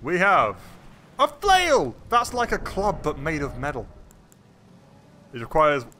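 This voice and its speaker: A man streaming gameplay, excitable and swearing often while chatting to the characters on screen. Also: fairly high pitch, a little slow, slight background noise. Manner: excitable, swears a lot, talks to game characters. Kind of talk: live gameplay commentary.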